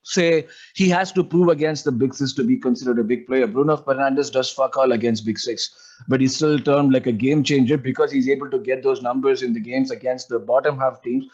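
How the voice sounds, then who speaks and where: A man's voice: mid-range voice, fairly even intonation, brisk, darkish tone. Rambling man on a lo-fi podcast. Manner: rambling, sprinkles fillers like "like, you know". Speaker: podcast co-host. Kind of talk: casual fan podcast chat.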